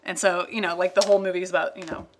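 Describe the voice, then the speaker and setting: A woman's voice: lowish voice, flat delivery, rapid-fire, slight background noise. An American woman telling a rambling story in casual chat, full of fillers and asides. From United States. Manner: chatty, rambling, lots of fillers.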